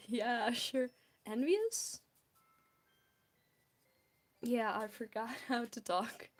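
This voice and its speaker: A woman's voice: fairly high pitch, expressive, extremely slow, long pauses, soft background music. Bubbly young Belarusian woman streamer. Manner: bubbly, giggly, chatting with viewers. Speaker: art streamer. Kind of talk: casual chat while drawing on stream.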